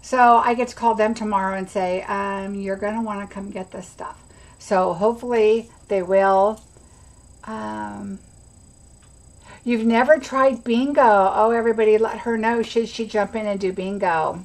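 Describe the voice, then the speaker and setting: A woman's voice: mid-range voice, steady tone, measured pace, low-quality recording. Woman, craft livestream host, casual rambling chat, middle-aged, greets viewers by name. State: has the hiccups.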